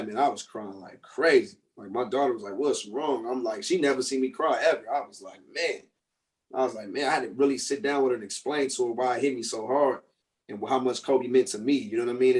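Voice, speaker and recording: Male rapper guest, 30s, loose storyteller, distant pickup. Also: mid-range voice. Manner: animated storyteller, acts out quotes. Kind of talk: casual radio interview chat. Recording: distant from the mic.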